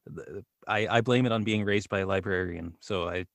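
A soft-spoken man, a voice actor, talking about his work as a podcast guest. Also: deep voice, normal speed, gravelly, no room sound. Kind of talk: casual interview chat.

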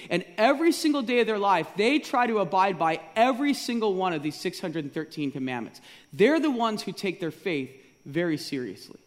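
A man preaching a sermon to his congregation, asking rhetorical questions and repeating key phrases for emphasis. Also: high voice. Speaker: pastor. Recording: long reverb of a large hall.

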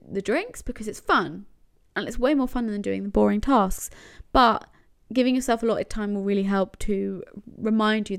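A woman's voice: mid-range voice, clear, resonant tone. A young woman chatting casually through organising tips in a rambling, self-deprecating way. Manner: rambling, self-deprecating, full of fillers like "do you know what I mean". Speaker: lifestyle vlogger. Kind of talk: casual chatty advice vlog.

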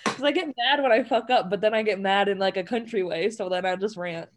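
A woman in a casual group chat, making wry, quick asides. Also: medium pitch. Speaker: voice actor on the show.

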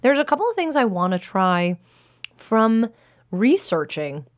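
A woman's voice: on the high side, very animated, unhurried. A woman co-hosting a podcast chats casually, her words muffled as she talks with her mouth full. She laughs often and keeps an easy, conversational pace. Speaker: podcast co-host. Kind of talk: casual chat while tasting snacks. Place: small studio in a black box theater.

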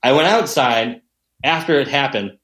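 A man telling stories in a casual chat, animated and heavy on swearing. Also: medium pitch, moderate pace. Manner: profane, animated storyteller. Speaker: podcast guest. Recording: roomy echo.

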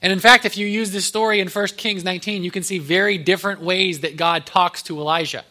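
A man's voice: sits high, steady tone, brisk, bright, forceful tone. A man pastor giving a conversational sermon, with joking asides to the congregation.

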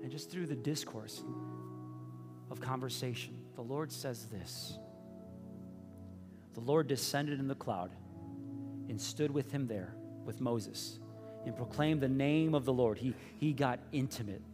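A man preaching a sermon, telling the story with lively voices, swinging from loud bursts to hushed, intimate asides. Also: medium pitch, a little slow, long pauses. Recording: reverberant hall with faint music.

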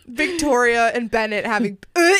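A chatty woman co-hosting a casual podcast, her voice high and bouncing all over as she laughs easily. The sound is close and dry, with no room around it. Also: normal speed, no room sound. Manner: chatty, laughs often, animated. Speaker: podcast co-host. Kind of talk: casual chat recapping a reality show.

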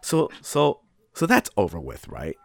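Deep-voiced guy telling a story. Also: wildly swooping pitch, unhurried, gravelly, dry recording. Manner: rambling, heavy on fillers and swearing, acts out voices. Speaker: retail worker telling a story. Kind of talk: casual profane storytelling.

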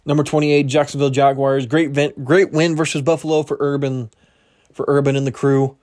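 A man's voice: medium pitch, little pitch movement, brisk, a little mellow. A young man hosting a solo sports podcast, talking casually, correcting himself often, his voice a little strained. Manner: casual, rambling, self-correcting, laughs at himself. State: slightly strained voice. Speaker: podcast host.

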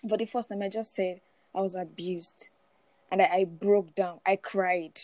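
A woman's voice: medium pitch, fairly even intonation, unhurried, a little mellow, no echo. A woman in her forties sharing her personal testimony as a guest, often laughing through it and repeating words as she goes. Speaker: guest speaker.

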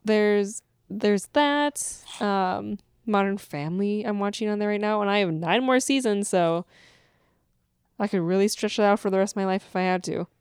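A woman's voice: medium pitch, normal speed, darkish tone, clear, resonant tone, dry recording, studio quality. A woman co-hosting a podcast in casual chat, talking in a meandering, chatty way. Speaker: podcast co-host.

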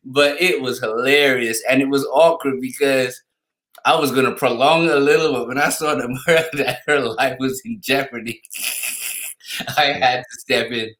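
A middle-aged man co-hosting a podcast, telling family stories in a relaxed way and laughing through them. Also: medium pitch, normal speed. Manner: laid-back storyteller who laughs through his anecdotes. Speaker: podcast co-host. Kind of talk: casual podcast chat. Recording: roomy echo.

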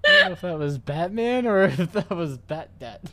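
Brief: woman podcast host, lively pitch, joking and laughing on a voice call. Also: moderate pace, no echo. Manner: laughing, playful teasing. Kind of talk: casual chat. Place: home, on a voice call.

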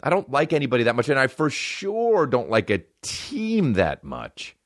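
A man's voice: mid-range voice, huge pitch swings, moderate pace, dry recording, studio quality. A young adult man hosting a comedy podcast, riffing in a profane, ranting monologue.

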